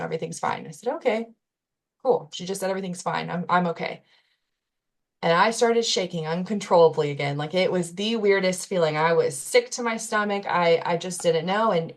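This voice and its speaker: A young adult woman, a podcast guest, telling a personal story in an earnest, candid way with casual fillers and restarts. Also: mid-range voice.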